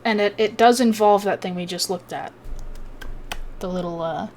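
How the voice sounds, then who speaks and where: A woman's voice: medium pitch, normal speed, darkish tone, a little hiss or hum. Chatty Southern woman analyzing chess. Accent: Southern American. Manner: chatty, swears freely, restarts often. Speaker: chess streamer.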